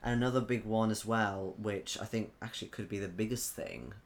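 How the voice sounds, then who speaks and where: A man's voice: lowish voice, brisk. A man, co-hosting a casual chat about tabletop games as a game master, rambling and often restarting his sentences. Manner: rambling, self-correcting, reads chat aloud. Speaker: podcast co-host and game master.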